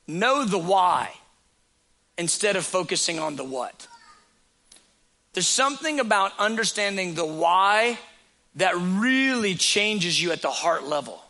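A man's voice: sits high, bright, forceful tone. A man preaching a sermon as a pastor, talking in a conversational storytelling way with repeated phrases.

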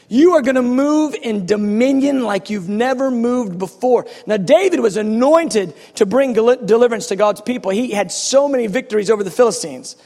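A man preaching a passionate, animated sermon, reading scripture and acting out its scenes. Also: very high-pitched, long reverb tail. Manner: passionate, animated, quick bursts.

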